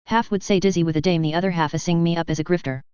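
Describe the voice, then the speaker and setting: A woman puts on a young wizard speaking old slang in a deeper, drawling voice with a thick, old-fashioned accent. The voice is very clear but lo-fi and dull. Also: steady tone, rapid-fire, a little mellow, dry recording, close to an everyday voice. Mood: playful. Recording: dull lo-fi recording.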